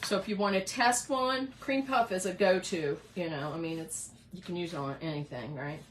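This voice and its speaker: A woman's voice: on the low side, moderate pace, a little hiss or hum, rough recording. A middle-aged woman hosts a live craft painting demo from her home craft room. She chats with viewers by name and thinks aloud as she works. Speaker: craft host.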